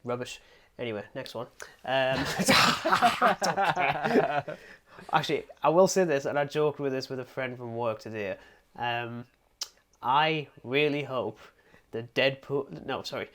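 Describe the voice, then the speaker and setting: A man's voice: mid-range voice, animated, measured pace, pushed and bright, slight background noise. Rambling English man co-hosting a podcast. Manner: rambling and self-deprecating, with frequent "um"s and laughs. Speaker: podcast co-host. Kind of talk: casual film review chat.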